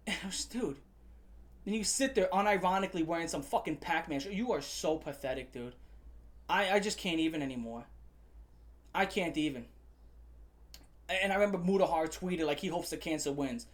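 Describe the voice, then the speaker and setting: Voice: mid-range voice, normal speed, long pauses. Vlogger going off in a sweary rant, heated, keeps repeating lines to hammer it in. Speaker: commentary channel host. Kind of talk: profane angry rant.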